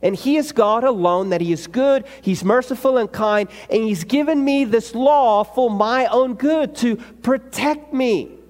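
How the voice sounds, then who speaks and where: A man with a high voice preaches a sermon in a hall with a long, ringing reverb. He talks animatedly and drops his pitch low to act out the people's replies. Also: unhurried, few pauses, darkish tone. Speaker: pastor.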